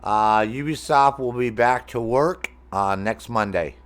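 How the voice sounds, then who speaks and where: A man's voice: mid-range voice, measured pace. A middle-aged man streaming a game, rambling and joking with his chat in a casual, profane way.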